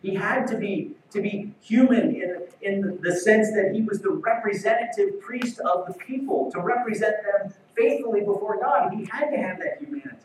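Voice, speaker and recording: A man's voice: high-pitched, moderate pace, few pauses, a little hiss or hum. A man preaching a sermon as pastor, earnest and emphatic. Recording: very echoey hall, far from mic.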